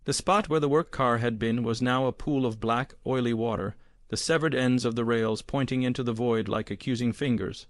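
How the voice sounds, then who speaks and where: A man narrating an audiobook in a measured, grave storytelling manner. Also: medium pitch, dry recording. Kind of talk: scripted narration.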